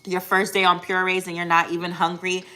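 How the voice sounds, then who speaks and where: A woman's voice: lowish voice, monotone, fairly quick, sharp tone. A young woman from the United States chatting casually on a live stream, upbeat and talkative, with frequent ums and self-corrections. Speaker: weight loss surgery vlogger hosting a live stream. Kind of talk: casual live-stream chat answering viewers.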